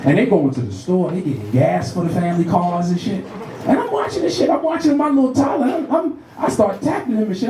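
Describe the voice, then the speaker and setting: Animated male stand-up comic, roomy club sound. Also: high voice, fast, far from the mic. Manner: animated, profane storytelling with acted-out voices. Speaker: stand-up comedian. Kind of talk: stand-up comedy set. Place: comedy club stage.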